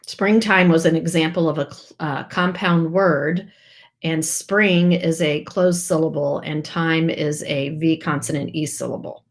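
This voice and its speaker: Slow, lower-voiced teacher dictating spelling words. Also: female voice. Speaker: first grade teacher.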